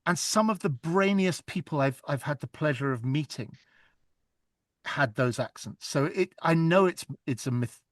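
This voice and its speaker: A man's voice: on the high side, expressive, moderate pace, dry recording, studio quality. A man, an audiobook narrator talking in an interview, earnest and reflective, thinking aloud with small restarts. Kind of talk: casual interview chat.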